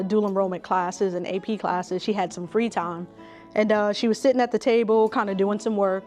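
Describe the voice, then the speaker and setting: Woman school counselor, relaxed chatty talk with lots of ums, faint music behind. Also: mid-range voice. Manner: conversational, many fillers. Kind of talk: interview storytelling.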